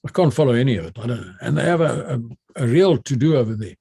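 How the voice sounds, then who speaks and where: A man's voice: medium pitch, fast talker, gravelly, husky. An older man with a South African accent, a retired army general telling a story animatedly, with many restarts. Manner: animated retelling, many restarts and repeated words. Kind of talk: anecdotal storytelling.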